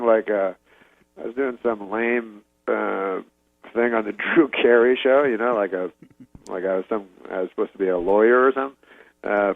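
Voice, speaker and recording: A man, a comedian, telling a long rambling story in a halting, deadpan way and chuckling now and then. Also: medium pitch, no room sound. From Canada. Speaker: comedian guest. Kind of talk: rambling storytelling on a radio interview. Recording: dull dry lo-fi radio recording.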